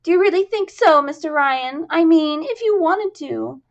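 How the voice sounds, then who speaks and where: A woman voicing a naive young chorus girl with a squeaky, grating voice and eager, breathless pleading. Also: animated, moderate pace, highs cut off.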